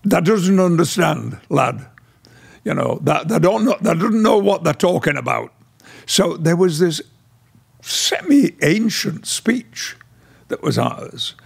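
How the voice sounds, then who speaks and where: A man's voice: sits high, very animated. An older man from West Yorkshire who speaks with an English received pronunciation accent, telling stories as a guest in an interview and acting out the voices in them. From England, West Yorkshire. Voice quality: gravelly and husky. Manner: measured storyteller who acts out voices. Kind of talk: conversational storytelling interview.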